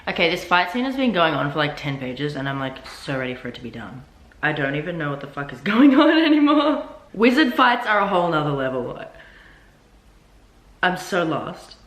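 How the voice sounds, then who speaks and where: A young woman reacting to a book she is reading, animated and exasperated, swearing freely as she talks. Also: low-pitched, normal speed, soft background music. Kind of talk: casual reading-reaction vlog. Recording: roomy echoey room.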